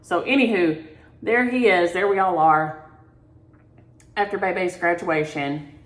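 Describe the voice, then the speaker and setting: A woman's voice: lowish voice, slow. Folksy middle-aged woman in a roomy room. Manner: folksy, storytelling, addresses viewers as y'all. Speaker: cross-stitch vlog host. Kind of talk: casual chatty vlog. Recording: roomy home recording.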